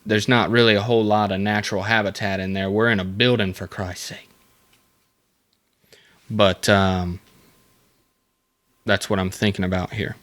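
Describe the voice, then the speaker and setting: A man's voice: fairly low pitch, fairly even intonation, a bit bright. Rambling, jokey man hosting a podcast. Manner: reads facts aloud, then breaks off into rambling jokey asides; halting, with many fillers and restarts. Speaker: podcast host. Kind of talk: casual solo podcast.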